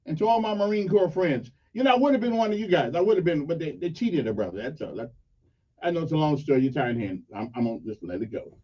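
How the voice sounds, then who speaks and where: Rambling radio host. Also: male voice, fairly high pitch, expressive, quick pace, dark tone, recorded from a distance, slight background noise. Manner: folksy, rambling, emphatic. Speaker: radio talk show host. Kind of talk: morning call-in radio talk. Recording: dull lo-fi radio sound, a bit off-mic.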